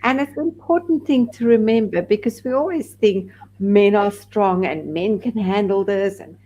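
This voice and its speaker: A woman's voice: mid-range voice, normal speed, poor audio. A woman from South Africa, a podcast guest, candidly telling a personal story and acting out the people she quotes. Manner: candid, animated when quoting others.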